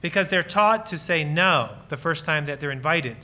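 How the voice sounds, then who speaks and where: A guest speaker on ministry, a man from Lancaster County, Pennsylvania, gives an earnest, enthusiastic talk with audience questions and personal stories. His voice is a little high and expressive, with a sharp tone at a moderate pace. He acts out short bits of dialogue as he explains.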